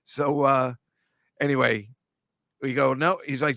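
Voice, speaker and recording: A man hosting a podcast in casual chat, telling rambling stories and teasing listeners, with jumpy bursts of loudness. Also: mid-range voice, flat delivery, a little slow, gravelly, pauses often, dry recording, clean studio sound. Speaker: podcast host.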